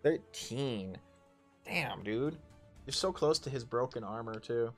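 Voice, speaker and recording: A man in his thirties narrates a tabletop game, stumbling through ums and restarts and tossing in casual curses. His pitch sits in a middling range, and faint music plays softly in the background. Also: expressive, slow. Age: 30s. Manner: rambling, full of ums and self-corrections, swears casually. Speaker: game master and player.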